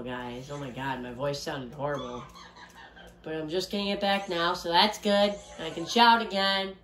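A young man giving casual let's-play commentary, chatty and excitable, a little hoarse as he gets his voice back. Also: on the high side. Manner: chatty, excitable reactions to the game. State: hoarse, recovering from losing his voice. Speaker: gameplay commentator. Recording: roomy room with game music.

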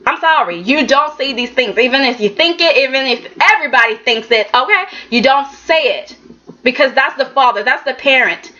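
A woman's voice: high voice, animated, moderate pace, pushed and bright, lo-fi sound. A woman giving casual vlog commentary on a soap opera, emphatic and sassy, who keeps checking in with "okay?".

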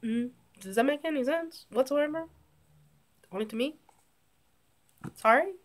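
Woman vlogger, slightly high voice, nasal from a cold, breathless, loose rambling chat. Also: expressive, measured pace, slight background noise. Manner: chatty, rambling, self-correcting. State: sick and nasal; short of breath. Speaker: YouTube vlogger. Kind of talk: casual vlog intro to camera.

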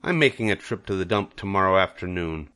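Templeton, a man doing a gruff selfish rat. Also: sits low, lively intonation, brisk. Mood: grumpy. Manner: gruff, loud and drawling. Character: selfish, grumpy male rat.

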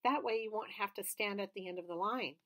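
A woman's voice: medium pitch, brisk, fairly bright tone, natural voice. A woman voicing a friendly, confident schoolgirl in a read-aloud storybook.

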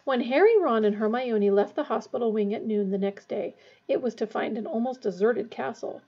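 A woman's voice: fairly high pitch, moderate pace, dark tone, slightly rough. A woman reading a novel aloud expressively, with a dull lo-fi recording. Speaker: audiobook reader.

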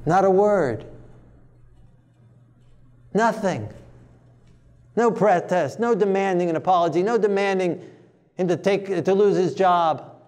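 A man with a very high-pitched voice delivers a sermon. He preaches forcefully and plainly, and he mocks the timid voices he quotes. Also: takes it slowly, pauses often.

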